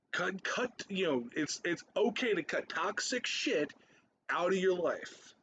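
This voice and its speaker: A man's voice: sits high, expressive, takes it slowly, fairly bright tone, a little hiss or hum. A man in his thirties ranting in a profane, rambling reaction commentary, repeating himself and laughing between points. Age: 30s.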